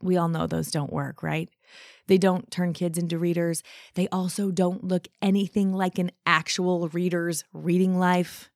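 A woman's voice: fairly low pitch, little pitch movement, measured pace, creaky, a little mellow, dry recording, studio quality. A woman hosting a podcast about books, introducing clips with chatty asides. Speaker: podcast host. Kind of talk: podcast narration and commentary.

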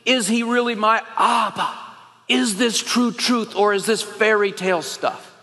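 Earnest preacher man, high voice. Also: measured pace, pushed and bright, big-room sound. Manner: earnest storytelling, emphatic rising phrases. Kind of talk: sermon testimony.

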